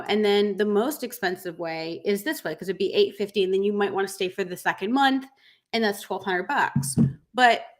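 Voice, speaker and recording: A middle-aged woman business coach talking live to her viewers, rambling with many fillers, emotional and close to tears. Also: mid-range voice. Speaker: business coach for pet groomers. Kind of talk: live-streamed coaching talk.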